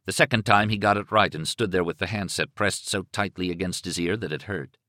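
A man narrating a novel in an expressive, dramatic reading. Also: low voice, a little fast, dry recording, clean studio sound. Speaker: audiobook narrator. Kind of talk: scripted narration.

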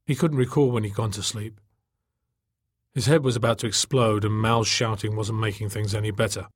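A man reading a novel aloud in steady, measured narration. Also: fairly low pitch, husky, no room sound, clean studio sound. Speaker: audiobook narrator. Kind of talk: scripted narration.

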